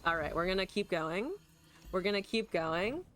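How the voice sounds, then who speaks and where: A woman's voice: mid-range voice, normal speed, a bit bright, slight background noise. A woman streamer chatting casually and joking at her own expense while she plays a card game, swearing now and then. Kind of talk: casual gameplay commentary.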